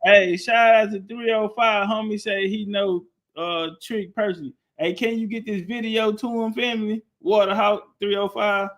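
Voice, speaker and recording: A man hosting a live stream, talking loosely and shouting out viewers. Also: sits high, fairly even intonation, moderate pace, few pauses, highs cut off. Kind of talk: casual live-stream talk.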